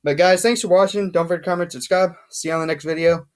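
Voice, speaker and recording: Emphatic, lively radio explainer. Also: mid-range voice, quick pace. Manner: emphatic and lively, repeats points for stress. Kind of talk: casual whiteboard explanation.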